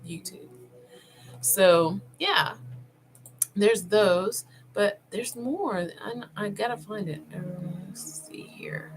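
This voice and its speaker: A woman vlogger talking casually as she browses online, thinking aloud with many pauses and fillers, and speaking directly to her viewers. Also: medium pitch, faint music behind, low-quality recording. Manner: addresses viewers informally.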